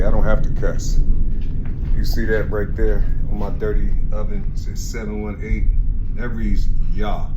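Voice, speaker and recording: A man's voice: fairly low pitch, very noisy. A man giving a rambling, preachy spiritual monologue in his home kitchen, repeating himself and growing fervent. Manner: repetitive, preachy, keeps saying "you see"; grows louder and more fervent. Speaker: vlogger. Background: loud music.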